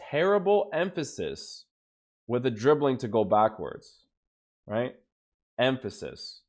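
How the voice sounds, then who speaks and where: A young man doing casual commentary over his own gameplay, emphatic, keeps checking in with "right?". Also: medium pitch. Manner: casual, swears now and then. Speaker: gaming YouTuber.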